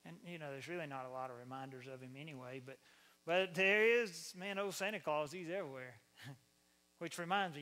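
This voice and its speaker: A man with a Southern accent preaching a sermon in an animated, conversational storytelling manner. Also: a little high, brisk. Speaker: pastor.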